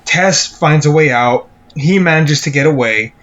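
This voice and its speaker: A man on a film review podcast with a slightly high voice, heard through somewhat muffled, dull audio. He talks bluntly, swears freely and acts out what the characters say. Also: unhurried, fairly bright tone. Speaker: podcast co-host. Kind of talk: casual film review chat.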